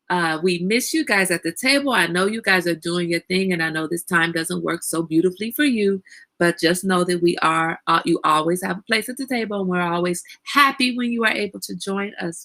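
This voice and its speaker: A woman's voice: lowish voice, moderate pace, creaky, bright, forceful tone. A woman hosting a casual livestream, chatting animatedly, greeting viewers by name and laughing often. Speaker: livestream host.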